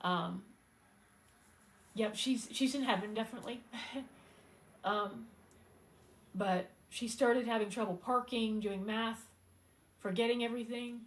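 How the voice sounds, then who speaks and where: A woman talking casually on a live stream, heartfelt and close to tears, pausing often with fillers. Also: fairly high pitch, low-quality recording. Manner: heartfelt, halting, many fillers, fighting back tears. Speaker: singer-songwriter hosting a live stream.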